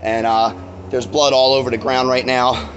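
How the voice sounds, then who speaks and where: A man's voice: mid-range voice, level tone, moderate pace, fairly bright tone, highs cut off, a little hiss or hum. A shaken, angry man swears a lot as he recounts a dog attack outdoors in a parking lot, filming himself on a phone. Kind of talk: agitated first-person retelling.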